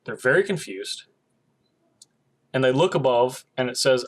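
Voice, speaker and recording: A man co-hosting a podcast retells an episode's plot in casual chat, acting out the characters' lines with animated storytelling. His voice is medium-pitched and measured, with frequent pauses.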